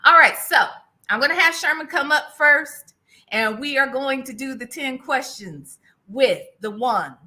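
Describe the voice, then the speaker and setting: A woman's voice: high-pitched, animated, a little slow, bright, forceful tone. A woman hosting a casual livestream interview, chatty and playful, laughing often. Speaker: host.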